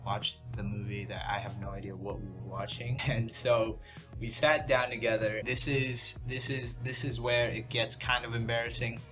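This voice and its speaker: A young man telling a story in a casual vlog, rambling and self-deprecating, with many restarts and asides. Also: on the low side. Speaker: YouTube channel host. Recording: music bed under the voice.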